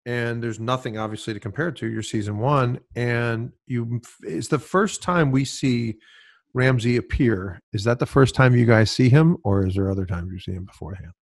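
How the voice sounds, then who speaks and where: A man's voice: mid-range voice, moderate pace. A man hosting a podcast, asking rambling questions and adding short agreeing replies. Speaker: podcast host. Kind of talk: casual interview.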